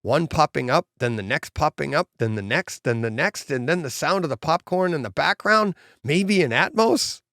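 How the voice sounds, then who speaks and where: Guy cohosting a podcast, gravelly, voice jumps all over, laughs a lot, dry sound. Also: fairly high pitch, moderate pace, few pauses, no room sound. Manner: animated storyteller, mimics people, laughs often. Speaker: podcast co-host. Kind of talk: casual chat.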